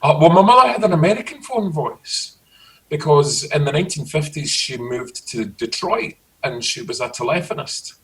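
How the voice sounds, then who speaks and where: A middle-aged Scottish man chatting casually, telling lively stories about his childhood. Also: on the high side, normal speed, far from the mic, rough recording. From Scotland. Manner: storytelling, animated. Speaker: guest. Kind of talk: casual chat.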